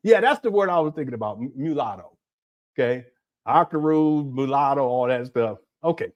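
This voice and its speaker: A man's voice: on the high side, highs cut off. A man, giving a loose, conversational monologue full of laughs and restarts. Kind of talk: casual monologue.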